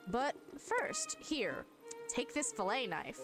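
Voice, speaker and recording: A woman's voice: sits high, huge pitch swings, takes it slowly, over music, exaggerated voice. A woman voicing a refined female cooking shop keeper with a grand, theatrical manner. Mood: grandly theatrical.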